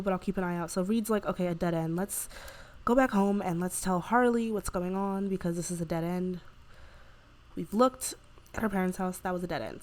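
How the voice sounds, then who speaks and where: A woman casually narrating a life-sim game, rambling with lots of "like" and "you know" and voicing the characters' lines in quick asides. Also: medium pitch, a little mellow. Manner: voices the Sims' lines in quick quoted asides. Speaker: gameplay narrator. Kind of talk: casual let's-play storytelling.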